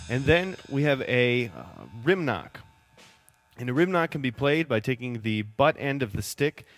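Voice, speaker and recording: A man giving a patient drum lesson, explaining techniques calmly and counting beats aloud as he plays. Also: medium pitch. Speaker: drum teacher. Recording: loud drum kit behind the voice. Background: drum kit played loudly.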